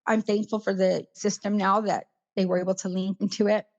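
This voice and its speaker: A woman's voice: medium pitch, little pitch movement, a little fast. Female guest, fifties, rambling personal recollection, muffled lo-fi audio. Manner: rambling, jumps between memories. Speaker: interview guest.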